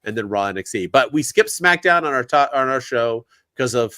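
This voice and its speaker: A man's voice: medium pitch, expressive, brisk, bright, forceful tone, no echo. A man co-hosting a podcast, leading the segments in an upbeat, emphatic casual chat. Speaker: podcast co-host. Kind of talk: casual wrestling review chat.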